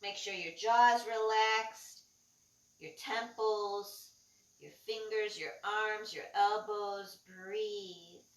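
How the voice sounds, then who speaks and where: A woman instructor leading a guided breathing and movement class, giving calm, rhythmic cues that are mostly soft with brighter bursts. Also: mid-range voice, slow pace, recorded from a distance. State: lightly breathless while jumping. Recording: echoey room, voice a bit off-mic.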